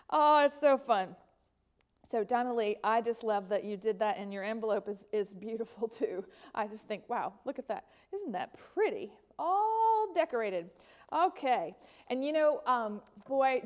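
A woman's voice: medium pitch, a little mellow. A woman hosting a craft company's show, chatting casually and gushing enthusiastically as she reads out fan mail.

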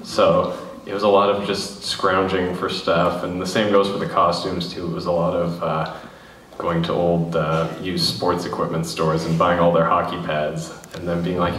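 Deep-voiced director joking dryly. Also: male voice, completely flat delivery, normal speed, a bit bright. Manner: dry, joking, self-deprecating. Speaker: film director. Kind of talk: live Q&A answers. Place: cinema hall after a screening. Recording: roomy, distant mic, faint ambience.

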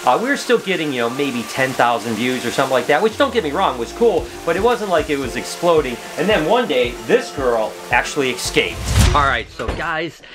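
A middle-aged man talking casually to camera as a vlogger host, chatty and excitable, calling his viewers guys. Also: mid-range voice, brisk, few pauses, over music. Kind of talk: casual vlog talk to camera.

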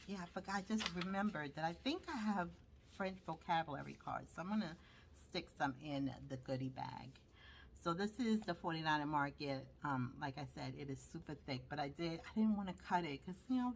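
Low-voiced chatty woman, Brooklyn accent. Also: a little hiss or hum. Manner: chatty, rambling with many fillers. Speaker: crafter showing handmade journals. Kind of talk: casual show-and-tell.

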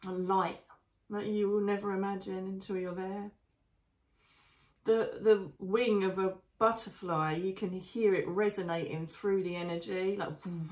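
A woman, a psychic medium narrating her visions live in a hushed, emotional, often slow and breathy way. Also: mid-range voice, echoey room. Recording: voice distant from the mic.

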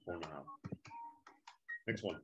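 A man teaching a trading setup on screen, talking like a hyped salesman who keeps calling out to "ladies and gentlemen". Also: low-pitched, moderate pace, background noise. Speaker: trading instructor. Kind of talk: screen-share trading walkthrough. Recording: music bed behind voice.

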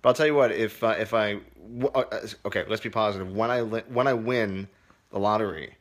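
A man's voice: lowish voice, fairly quick. A man who teaches comedy, hosting a casual livestream Q&A, reading viewer comments aloud in a loose, profane way.

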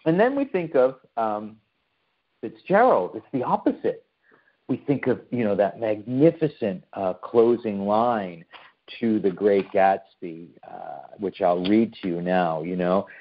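Casting: deeper-voiced male lecturer, chatty and questioning, speaking over a slightly muffled lo-fi mic. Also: expressive, a little slow. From United States. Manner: conversational, poses questions to the listeners. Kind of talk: online talk to a remote audience.

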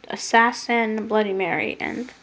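A woman casually rambling through a makeup vlog. She often trails off into soft mutters. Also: on the high side, a little slow. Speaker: makeup vlogger. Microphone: phone. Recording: lo-fi phone recording.

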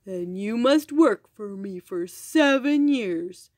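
A woman voicing a boastful male giant in a storybook reading, speaking slowly and mockingly. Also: animated, darkish tone, dry recording, clean studio sound. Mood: gloating. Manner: slow, booming, mocking.

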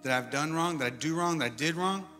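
A man preaching a sermon as pastor, animated and swinging between loud and soft delivery. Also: on the high side, fast. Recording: long hall reverb with faint music.

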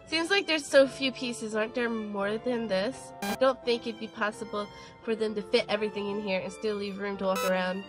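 A woman's voice: medium pitch, normal speed. A young woman hosting a let's play, chatting and joking as she reads game text aloud into a desk mic. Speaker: gaming channel host. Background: game music.

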